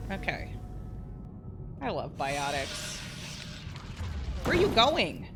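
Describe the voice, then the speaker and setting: A woman commenting on her gameplay as host, chatting to the game's characters and yelping loudly when startled. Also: deep voice, wildly swooping pitch, slow. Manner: chatty, talks to game characters, startled into loud yelps. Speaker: let's play host. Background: game music and gunfire.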